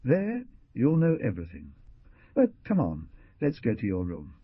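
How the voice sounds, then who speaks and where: A man's voice: lowish voice, huge pitch swings, a little slow, husky, dry recording, exaggerated voice. A man voicing a weary middle-aged farmer who speaks firmly and urgingly to a grieving friend. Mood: consoling. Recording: dull lo-fi dry recording.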